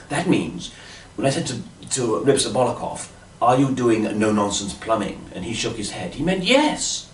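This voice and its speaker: A dotty Englishman rambles through a comic monologue, his pitch leaping all over the place. He sounds set back from the mic in a roomy space, with a faint hum of ambience behind him. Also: big pitch swings, moderate pace, recorded from a distance. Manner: dotty, fussy posh-English rambling with many "you see"s. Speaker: comic storyteller.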